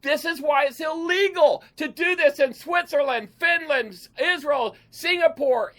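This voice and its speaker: A man's voice: very high voice, measured pace, few pauses, a bit bright. A man who builds bunkers and hosts his own channel, talking straight to his viewers in an angry, off-the-cuff rant. He is emphatic and heated, and he repeats himself as he talks.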